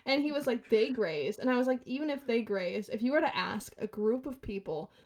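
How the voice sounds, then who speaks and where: A woman in her twenties telling a story in a casual podcast chat, talking fast and animated, laughing and acting out quotes. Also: on the high side.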